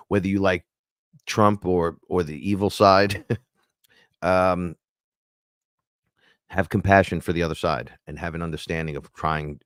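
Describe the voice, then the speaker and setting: Brief: very low-voiced New host, loose profane live-stream rambler, dry close sound. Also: male voice, no room sound. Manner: rambling, profane, laughs often. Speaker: podcast host. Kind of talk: casual live-stream monologue.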